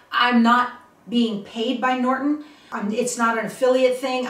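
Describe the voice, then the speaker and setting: A woman's voice: fairly high pitch, distant mic. A middle-aged woman hosting a casual tutorial, chatty and emphatic, often checking in with her viewers. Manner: chatty, emphatic, checks in with "okay?" and "all right?". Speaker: channel host teaching online safety. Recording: roomy, from the mic.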